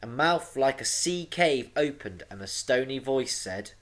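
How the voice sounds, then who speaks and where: A man, a teacher, reading a storybook aloud to young pupils with a dramatic, expressive delivery. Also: medium pitch, measured pace. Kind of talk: storybook read-aloud for children.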